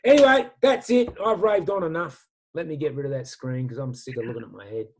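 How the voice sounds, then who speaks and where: A man giving an animated motivational talk and telling stories with casual slang. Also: a little high, fairly quick. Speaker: guest speaker.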